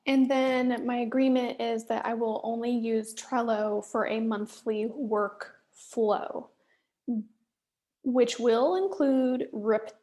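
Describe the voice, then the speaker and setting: A woman recording a candid solo business check-in, angry and stressed, talking in halting bursts, swearing and sometimes dropping to a muttered whisper. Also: fairly high pitch, fairly even intonation, warm tone. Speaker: solo business vlogger reviewing her own work.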